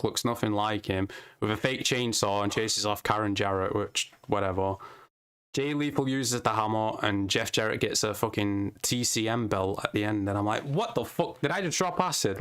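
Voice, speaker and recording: A man's voice: medium pitch, fairly bright tone, clear, resonant tone. A man co-hosting a casual wrestling podcast, blunt and exasperated, swearing heavily. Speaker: podcast co-host.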